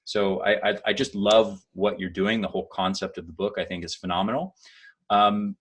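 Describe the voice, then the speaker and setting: Deep-voiced male podcast host. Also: steady tone, normal speed, a bit bright, slightly rough. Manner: enthusiastic, admiring questions with restarts. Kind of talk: podcast interview.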